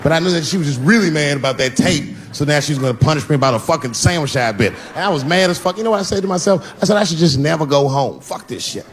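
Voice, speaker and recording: A man's voice: fairly high pitch, expressive, racing, hardly any pauses. A middle-aged man on stage doing a stand-up routine, telling a story loosely and acting out the quoted lines. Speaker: stand-up comedian. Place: comedy stage before an audience. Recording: noisy live stage recording.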